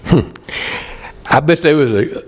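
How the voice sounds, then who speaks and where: A male pastor, preaching emphatically, slowing and pausing for stress. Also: on the high side, slightly rough. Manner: emphatic, pleading with pauses. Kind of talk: sermon.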